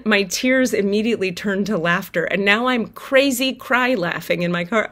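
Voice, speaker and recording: Animated, swearing spiritual storyteller woman. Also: medium pitch, normal speed, few pauses. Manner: animated, swears freely, acts out her own shouting. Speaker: tarot reader and spiritual vlogger. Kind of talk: casual storytelling to viewers.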